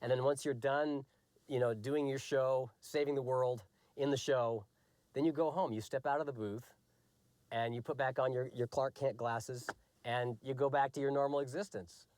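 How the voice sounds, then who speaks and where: A man's voice: medium pitch, steady tone, normal speed, darkish tone, no echo. A male voice actor explaining his work steadily in an interview. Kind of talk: reflective interview talk.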